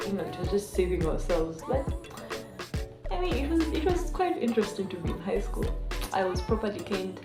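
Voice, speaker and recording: A young woman with a Kenyan accent tells a story in a playful, animated vlog voice. Her voice sits at an ordinary middle pitch and echoes in a roomy space, with music clearly audible in the background. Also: brisk. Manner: animated, playful, switches into Swahili. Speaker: vlogger. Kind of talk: story time. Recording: echoey room with music behind.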